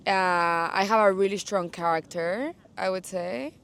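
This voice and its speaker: Young woman from Mexico, passionate interview guest, clear background noise. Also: medium pitch, measured pace. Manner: animated, passionate, says "like" a lot. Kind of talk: casual interview chat. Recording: noisy, without a mic.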